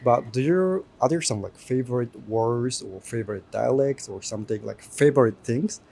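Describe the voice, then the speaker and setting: A woman interviewer with a Japanese accent, asking halting questions in English and answering with short acknowledgements. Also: a bass voice, creaky, mellow, breathy edge. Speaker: street interviewer. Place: city street outdoors.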